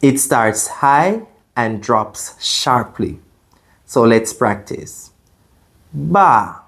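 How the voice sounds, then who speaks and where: Male language tutor, mid-pitched, very unhurried; patient and clear, modeling sounds for beginners. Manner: patient, demonstrates sounds with repetition. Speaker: Chinese language teacher.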